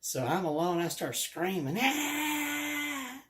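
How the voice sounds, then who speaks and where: A man's voice: mid-range voice, steady tone, moderate pace, a little mellow. Man, casual storyteller, chatty, laughs often, voice of medium height. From Alabama. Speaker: guest telling ghost stories.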